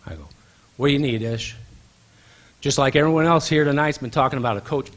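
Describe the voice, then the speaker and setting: A man's voice: medium pitch, a little fast. A man giving a speech at a banquet, telling an anecdote and acting out the dialogue. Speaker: banquet speaker. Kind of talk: storytelling speech. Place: event hall.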